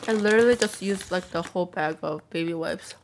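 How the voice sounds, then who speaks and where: A woman's voice: fairly low pitch, brisk, a little hiss or hum. A young adult woman vlogger chatting casually on camera while eating, rambling through a story full of filler words and acting out what others said. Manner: rambling storyteller, acts out quotes.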